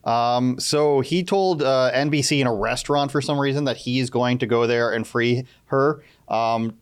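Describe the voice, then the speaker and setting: A man's voice: mid-range voice, normal speed, clear, resonant tone. A man hosting a casual panel chat show, joking and teasing his co-hosts. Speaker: host.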